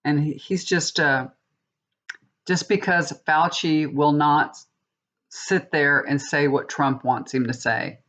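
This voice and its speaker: A woman's voice: deep voice, fairly even intonation, takes it slowly, fairly bright tone, muffled recording. A woman tarot reader chatting casually to her viewers, indignant and talkative, calling them y'all.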